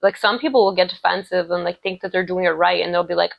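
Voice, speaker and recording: Chatty woman with a gravelly voice. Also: on the low side, fairly even intonation, fast, few pauses, no room sound, highs cut off. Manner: chatty, rambling, many "like" fillers, warm affirming tone. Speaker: tarot reader. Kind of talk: casual love reading to viewers.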